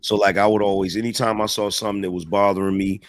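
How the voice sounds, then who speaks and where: Slangy low-voiced man, dry sound. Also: fast, dry recording. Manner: relaxed, slangy street talk. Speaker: interview guest, online commentator. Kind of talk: casual storytelling in an interview.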